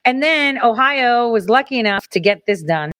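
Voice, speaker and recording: A woman's voice: fairly high pitch, animated, normal speed, heavy background noise. A woman hosting a livestream, chatting casually and talking straight to her viewers. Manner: chatty, addresses viewers directly. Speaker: host.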